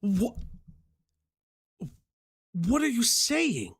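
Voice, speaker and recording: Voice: mid-range voice, wildly swooping pitch, very slow, breathy edge. A streamer giving live reaction commentary, ranting with heavy profanity and exasperation.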